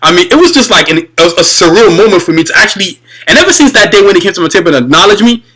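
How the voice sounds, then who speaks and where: Fast, bright-voiced enthusiastic man. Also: sits high, expressive, slightly rough, poor audio. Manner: enthusiastic, rambling, addresses viewers as y'all. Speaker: video podcast host. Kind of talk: casual fan commentary.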